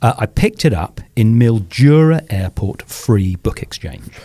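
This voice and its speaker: A man in his sixties, an author chatting as a guest, telling stories with lively swings and acted-out quotes. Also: fairly low pitch, unhurried, no echo. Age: 60s. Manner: animated storyteller, acting out quoted voices. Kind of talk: casual interview chat.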